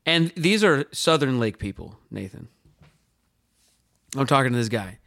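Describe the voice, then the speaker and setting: Animated laughing man telling stories. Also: medium pitch, measured pace, creaky. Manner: animated storyteller, laughs often, acts out voices. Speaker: podcast co-host. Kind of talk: casual comedic chat.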